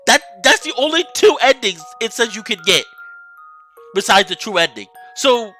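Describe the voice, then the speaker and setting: Excitable woman with a bright, lively voice. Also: on the high side, normal speed, soft background music. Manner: excitable, exasperated outbursts. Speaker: let's play host. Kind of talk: game commentary.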